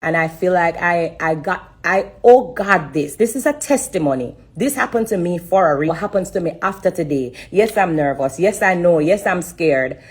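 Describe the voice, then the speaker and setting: A woman giving an emotional personal testimony on a live stream, halting and repeating herself with many pauses and fillers. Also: on the low side, lively intonation, husky.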